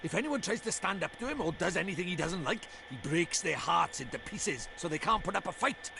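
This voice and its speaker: A bossy little fairy sidekick with a lilt and a gravelly edge. He chides and explains in cheeky, sing-song game dialogue. Game music plays clearly behind him. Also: sits high, expressive, a little fast. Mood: impatient. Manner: cheeky, lilting, chiding.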